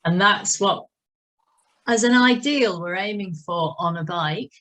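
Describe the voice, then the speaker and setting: Leading indoor cycling online over a video call, the instructor mixes time counts with chatty asides. She speaks at a measured pace in a mid-range, slightly bright voice, and the recording is rough.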